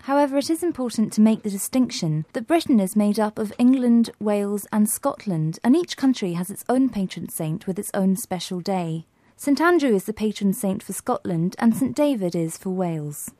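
A woman co-presenting a scripted educational podcast, posing questions and explaining clearly. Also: medium pitch, animated, normal speed, few pauses, mellow, no room sound. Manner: clear, quizzing.

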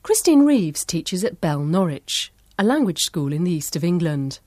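Female presenter, lowish voice with lively intonation, clear measured scripted narration. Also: no room sound. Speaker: programme presenter.

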